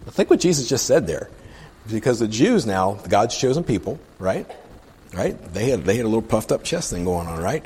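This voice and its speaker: Casual lay preacher, male, low husky voice, chatty Bible commentary, long room reverb. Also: sing-song, moderate pace, a little mellow. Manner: conversational, asks "right?" often, reads scripture aloud then comments.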